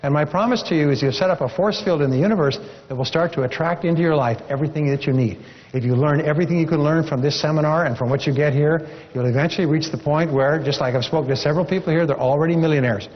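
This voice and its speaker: A man's voice: on the high side, fast talker. A man giving a motivational seminar speech, encouraging and repetitive, telling a story to drive home his point. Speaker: seminar speaker. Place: large seminar hall. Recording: dull lo-fi recording with long hall reverb.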